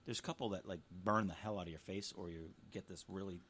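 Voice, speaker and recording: A man's voice: sits low, fast talker, a loud crowd. A man co-hosting a casual podcast, talking at length and filling gaps with um. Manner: chatty, lively, fillers like um. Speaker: podcast co-host. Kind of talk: casual chat.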